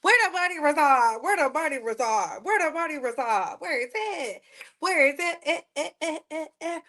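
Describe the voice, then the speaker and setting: A woman's voice: high-pitched, expressive, moderate pace, bright, forceful tone. A woman hosting a casual live stream, chatting playfully with viewers and repeating her phrases. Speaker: livestream host.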